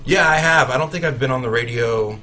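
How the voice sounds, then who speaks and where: A man's voice: medium pitch, pushed and bright. A man, a musician guest on a radio show, chatting casually in a studio, joking about himself and restarting his sentences often. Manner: joking, self-mocking, halting restarts.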